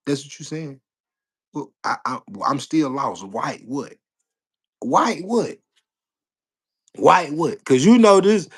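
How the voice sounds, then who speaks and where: A man's voice: on the high side, fairly bright tone. A man hosting a casual live stream, chatting loosely with viewers in slang and repeating his phrases over and over. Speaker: livestream host.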